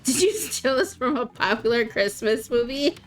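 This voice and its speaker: A woman's voice: fairly high pitch, lively intonation, moderate pace, soft background music, close to an everyday voice. An actress playing a playful, teasing woman in a video game, telling stories with dry banter.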